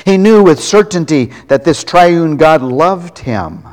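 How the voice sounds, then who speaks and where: A man's voice: a little high, animated, darkish tone. Earnest male preacher in a reverberant hall. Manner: earnest, slows down to stress key words. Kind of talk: sermon storytelling. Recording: long reverb of a large hall.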